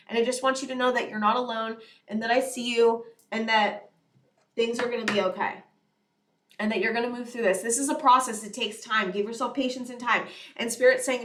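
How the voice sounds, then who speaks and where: A woman's voice: on the high side, fairly bright tone, reverberant. A young woman giving a rambling, earnest tarot reading straight to her viewers, full of "you know" and "it's like". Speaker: tarot reader. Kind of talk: casual channeled tarot reading to camera.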